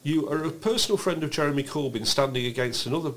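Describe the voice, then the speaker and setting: Animated man, co-hosting a podcast. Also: on the high side, fast. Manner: animated, incredulous storytelling with laughs. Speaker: podcast co-host. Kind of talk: casual political chat.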